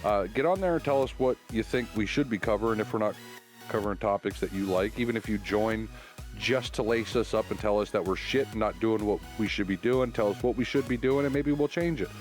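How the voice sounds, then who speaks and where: A man's voice: on the low side, fairly quick, faint music behind. A man co-hosting a casual podcast, telling long jokes in a rambling way with fillers and restarts. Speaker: podcast co-host.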